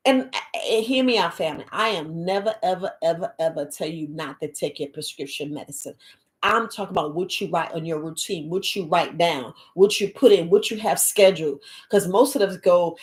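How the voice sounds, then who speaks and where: A woman herbalist hosting a live podcast, talking to her viewers in a rambling, chatty, animated way. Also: medium pitch, moderate pace. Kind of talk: casual live-stream talk.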